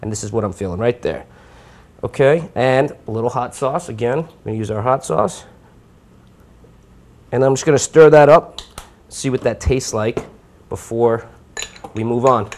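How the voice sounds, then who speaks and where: Casual male cooking-show host from New York, mid-pitched, talks loosely as he works the stove. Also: moderate pace, long pauses, darkish tone. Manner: chatty, informal, talks while cooking. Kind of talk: live cooking demonstration. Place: home kitchen.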